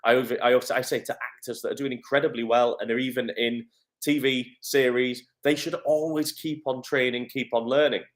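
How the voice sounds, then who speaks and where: Encouraging Northern English acting coach. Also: male voice, medium pitch, a little fast. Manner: energetic, encouraging, reads out viewer comments. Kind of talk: live-streamed coaching talk.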